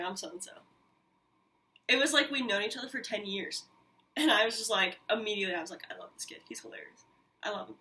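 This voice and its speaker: A woman hosting her own podcast, telling a personal story in an animated, candid way, with frequent swearing and quick asides. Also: medium pitch. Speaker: podcast host. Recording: mic a little distant, faint hiss.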